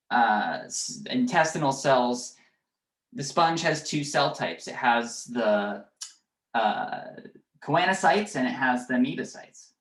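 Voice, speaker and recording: In an echoey classroom, a man with a mid-range, slightly bright voice teaches biology. He lays out each step with lots of fillers and keeps checking in with his students through questions.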